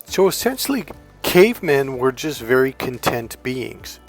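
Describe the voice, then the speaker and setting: A man's voice: medium pitch, big pitch swings, measured pace, soft background music. A man who is a dating coach, talking off the cuff to camera in a rambling, profane way and acting out grunts and crying babies.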